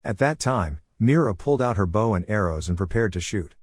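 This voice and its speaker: A man reading a comic recap as scripted narration in a steady, even delivery. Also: on the low side, brisk, slightly rough, no echo, clean studio sound.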